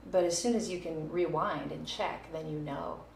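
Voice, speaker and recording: A woman with a slightly low voice explains her own playing in a relaxed video lesson. She breaks into counting and scatting to show rhythms. The room around her is echoey, with a faint hiss of noise. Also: moderate pace, vocal fry. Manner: counts beats and scats phrases aloud. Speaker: music teacher.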